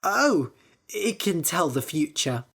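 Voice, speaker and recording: Woman doing a sneaky young guy in a storybook, lively up and down, slow. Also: on the low side, creaky, slightly rough, heavily acted. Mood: sly. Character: clever young man, a cheeky trickster.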